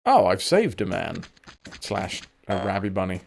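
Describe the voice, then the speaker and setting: A man's voice: low voice, very animated, a little slow, gravelly, slight background noise. A man chatting and joking while playing a game on stream, swearing freely. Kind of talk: casual game commentary.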